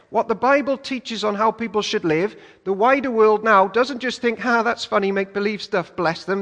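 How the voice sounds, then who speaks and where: A man preaches a sermon, high-voiced and animated. He jokes and slips into playful voices as he retells stories. His voice rings through a church hall with a long echo. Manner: lively, joking, acts out voices in retelling.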